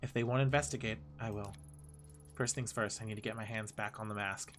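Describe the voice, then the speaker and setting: A man voicing a weary, bitter woman detective thinking to herself in a quiet, brooding game monologue. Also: fairly even intonation, a little fast, close to an everyday voice. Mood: resolved. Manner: quiet, brooding, low-key.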